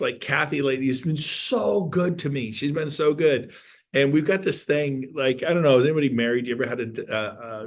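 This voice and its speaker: A middle-aged man giving an energetic, folksy motivational talk to an audience, now and then breaking into loud outbursts. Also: mid-range voice. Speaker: motivational speaker.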